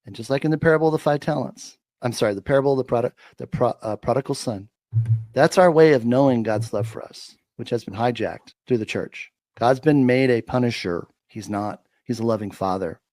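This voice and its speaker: A man's voice: mid-range voice, fairly quick, darkish tone, no room sound. Emphatic preacher-like man, dry sound. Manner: emphatic, repeats words, preacher-like cadence. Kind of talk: preachy faith-filled commentary.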